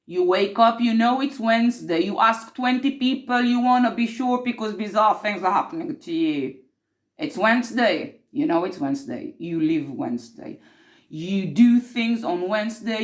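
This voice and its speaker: A woman's voice: medium pitch, natural voice. A woman playing an earnest mystic who tells of time slips in an improvised monologue, intense and repeating herself for emphasis.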